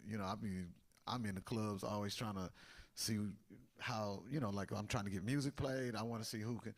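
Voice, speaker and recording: A middle-aged man, speaking on a student panel in a fast, emphatic and colloquial way. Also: lowish voice, steady tone. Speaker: music business panelist.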